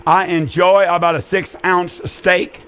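A man's voice: sits high, level tone, measured pace, fairly bright tone, smooth. An older man hosting a call-in Bible radio show, earnest and folksy, often repeating his phrases for emphasis.

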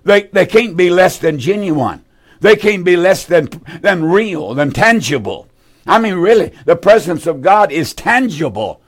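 A man's voice: high-pitched, big pitch swings, unhurried. A man preaching fervently on a radio call-in show, repeating his key phrases for emphasis. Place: radio studio.

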